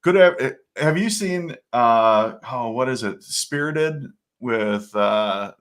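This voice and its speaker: A male host chatting loosely on a podcast, easygoing and quick to laugh. His pitch sits in an ordinary middle range. He tosses in jokes and warm greetings to the people watching. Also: expressive. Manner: jokey, laughs often, greets live viewers. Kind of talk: casual chat.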